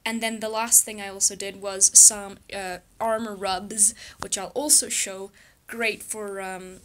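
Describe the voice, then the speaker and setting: A young woman in a casual vlog, talking softly and reflectively, with frequent laughs and a gentle self-soothing manner. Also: mid-range voice, fairly even intonation, measured pace, slight background noise. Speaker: YouTuber.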